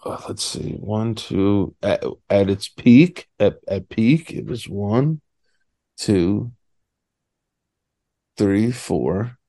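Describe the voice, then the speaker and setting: A young man talking in an easygoing, meandering way, full of "like" and restarts. His voice sits a little low. He is chatting on a podcast from a cabin. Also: animated, drawn-out words, long pauses, dark tone. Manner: rambling, filler-heavy, laid-back. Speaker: podcast co-host. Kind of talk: casual chat. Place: rented cabin, indoors.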